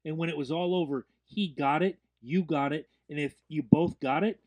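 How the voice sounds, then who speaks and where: A man hosting a casual podcast, talking in an animated way and swearing freely. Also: a little high, moderate pace. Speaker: podcast host.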